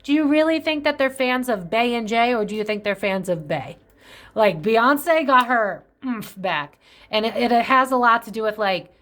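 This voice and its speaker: A woman's voice: fairly high pitch, expressive, moderate pace, a bit bright. Chatty, profane woman doing a tarot reading. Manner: chatty, profane, speculative, jumps between tangents; often acts out quoted voices. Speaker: psychic tarot reader. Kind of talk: casual tarot reading chat.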